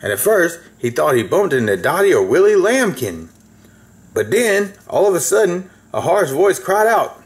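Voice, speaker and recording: A man's voice: high voice, big pitch swings, moderate pace. A man reading a children's story aloud in a folksy way, with asides to the listener.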